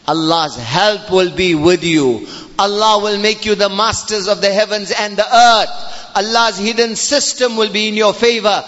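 A male preacher delivers a Friday sermon with mounting passion, his voice high and bright as he hammers each point home. The recording sounds dull and lo-fi, with long reverb trailing off the walls of a large prayer hall. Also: fairly even intonation, normal speed. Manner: impassioned, emphatic, swelling to near-shouts. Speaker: imam giving a Friday sermon.

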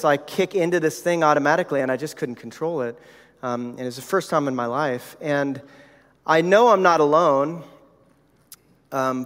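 A man in his thirties giving a sermon, telling a personal story in a conversational way with many fillers. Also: medium pitch. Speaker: pastor. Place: church hall. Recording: reverberant hall.

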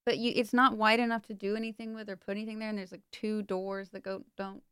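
A woman's voice: medium pitch, little pitch movement, fast talker, fairly bright tone, smooth, no echo. A woman guesting on a casual podcast in a tiny studio, chatting and laughing along with the others. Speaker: improviser guest.

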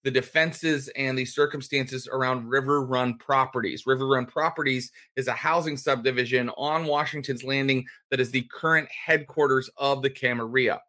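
A man's voice: medium pitch, fairly even intonation, normal speed, few pauses, sharp tone. A man hosting and recapping a tabletop vampire game as storyteller, chatty with many fillers. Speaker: storyteller, host.

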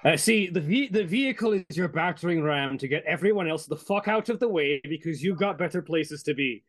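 A man's voice: fairly high pitch, animated, a little fast. A man narrating and chatting as game master in a tabletop game, loose and easygoing.

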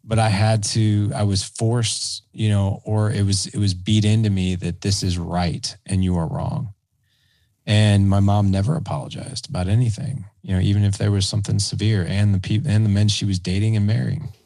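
Earnest forties man, low mellow gravelly voice, halting and heartfelt. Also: little pitch movement, no echo. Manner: earnest, halting, self-correcting. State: choked up at times. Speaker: podcast guest. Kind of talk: emotional personal conversation.

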